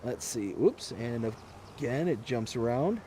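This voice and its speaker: A man's voice: medium pitch, expressive, a little slow, dark tone, slight background noise. A man hosting a farming game livestream, reading viewer comments aloud in a chatty manner and laughing often. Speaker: livestream host.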